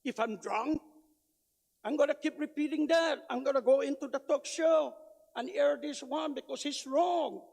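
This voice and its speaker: A man giving loud, emphatic public testimony at a legislative hearing. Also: extremely high pitch, normal speed, vocal fry. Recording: reverberant hearing room.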